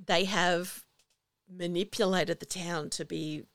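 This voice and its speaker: On a podcast, a woman co-host recaps a film in easygoing conversation, her smooth, clear voice fairly low and slow, captured dry and close with no room sound. She narrates with animation, performing the lines she quotes.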